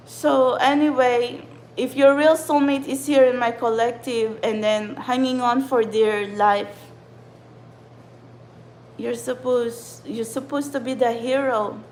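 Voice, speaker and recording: A spiritual channeler and tarot reader with a fairly high voice delivers an upset, impassioned livestream monologue to her followers, ranting and swearing often. The recording quality is low.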